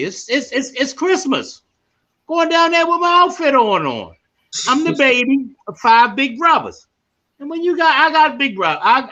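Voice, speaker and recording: A man hosting a live podcast, telling stories in an animated way that climbs into emphatic shouts. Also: sits high, highs cut off. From Baltimore. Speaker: podcast host. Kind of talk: live storytelling monologue.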